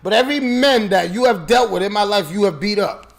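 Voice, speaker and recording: High gravelly man telling loud stories. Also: a little fast. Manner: loud, laughing, animated storytelling. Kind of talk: casual storytelling chat.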